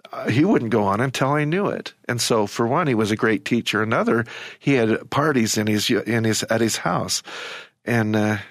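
An older man, an interview guest, telling a personal story in a halting, emotional way with many restarts. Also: medium pitch, fairly bright tone, no echo, clean studio sound.

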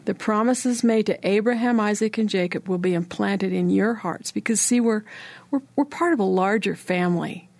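A woman's voice: medium pitch, normal speed, vocal fry, darkish tone, no room sound. Enthusiastic woman church leader. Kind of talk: religious panel discussion.

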